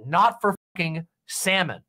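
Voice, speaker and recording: A man's voice: sits high, animated, measured pace, bright, forceful tone, a little hiss or hum. A man from Maine co-hosting a livestream, reacting to cooking videos with heated, profane rants.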